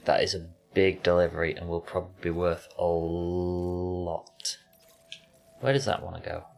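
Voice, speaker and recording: A man's voice: low voice, fairly even intonation, unhurried, gravelly, darkish tone, faint music behind. A man, casually chatting to viewers while playing a game, dry and offhand. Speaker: gaming streamer.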